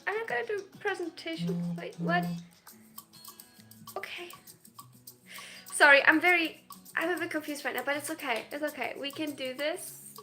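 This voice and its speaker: A woman's voice: high-pitched, very animated, bright, forceful tone, soft background music. A woman in her twenties chatting on a casual livestream, flustered, often breaking off mid-sentence and laughing. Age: 20s. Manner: flustered, self-interrupting, quick to laugh.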